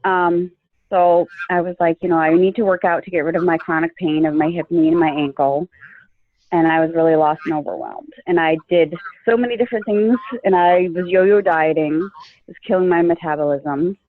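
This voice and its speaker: A woman's voice: on the low side, moderate pace, slight background noise. A woman telling her own story in a casual interview, earnest and full of fillers. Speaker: guest sharing her coaching story. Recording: tinny, phone-like, dry line.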